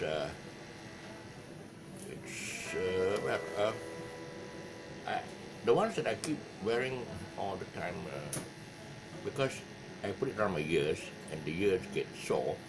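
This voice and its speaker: A man with a Malaysian English accent, talking his way through a guitar lesson in loose, rambling chat full of "uh"s and restarts. His fairly low voice rises and falls a lot. Clear background noise sits under the recording. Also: very animated, slow pace, long pauses. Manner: rambling, hesitant, many fillers and restarts. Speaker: guitar teacher. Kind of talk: casual video lesson talk. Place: his music shop.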